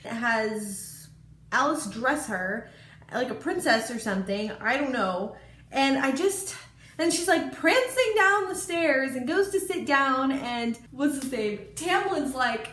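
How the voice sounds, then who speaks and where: Chatty woman with a high voice in an echoey room. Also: a little slow. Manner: chatty retelling, heavy use of "like"; animated, exclamatory. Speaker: book vlogger. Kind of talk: casual book reaction vlog. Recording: echoey room with faint noise.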